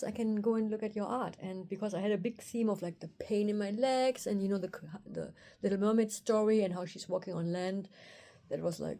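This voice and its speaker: A woman's voice: mid-range voice, brisk, dark tone. A woman tells a personal story to camera, recounting events candidly and acting out her own inner thoughts as quotes. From Germany. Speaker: osteopath and video host.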